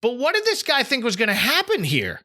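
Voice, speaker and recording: Brisk and sharp, this man's extremely high voice swoops wildly in pitch as he hosts his podcast. He's from southern New Jersey and casually chats his way through a cartoon episode recap, performing quotes as he goes over scenes.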